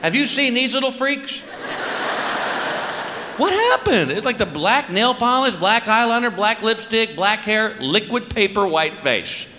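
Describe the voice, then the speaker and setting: A man in his forties performing a stand-up comedy routine, animated and exaggerating voices and shouts. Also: sits high, normal speed, hardly any pauses. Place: stage in a large hall. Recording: live hall with audience noise.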